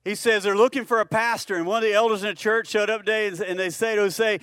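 High-voiced male pastor preaching conversationally. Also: steady tone, quick pace, few pauses, a bit bright, no room sound, studio quality. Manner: conversational preaching, rhetorical questions to the congregation; repeats words when restarting. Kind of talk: sermon.

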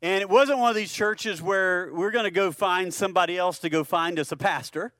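High-voiced male pastor preaching conversationally. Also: fairly quick, a bit bright, no room sound, studio quality. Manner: conversational preaching, rhetorical questions to the congregation; repeats words when restarting. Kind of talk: sermon.

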